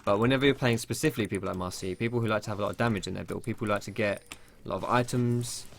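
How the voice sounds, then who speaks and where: A man's voice: fairly low pitch, rapid-fire, vocal fry. A young man giving casual, rambling gameplay tutorial commentary from his computer at home. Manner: chatty, rambling, swears when surprised.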